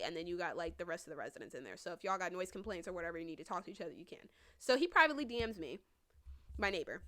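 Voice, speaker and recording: A woman's voice: medium pitch, pushed and bright. A young woman in her twenties hosting a storytime podcast, telling her story bluntly, profanely and with lots of animation. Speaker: podcast host.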